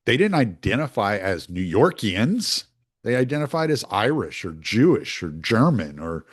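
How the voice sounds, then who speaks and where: A man talking through his views in a casual, rambling monologue, often restarting his sentences. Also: mid-range voice. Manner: animated, rambling, with frequent restarts.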